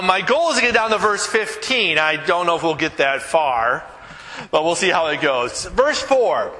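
A man's voice: a little high, sharp tone, big-room sound. A man preaching a sermon as pastor, talking casually with anecdotes, many fillers and restarts. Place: church.

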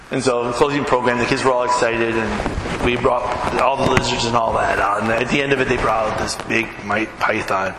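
Animated pastor preaching in an echoey hall. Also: male voice, medium pitch, fairly quick, few pauses. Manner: animated, talks with the audience, acts out quotes. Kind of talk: sermon with storytelling. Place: church hall. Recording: echoey hall with room noise.

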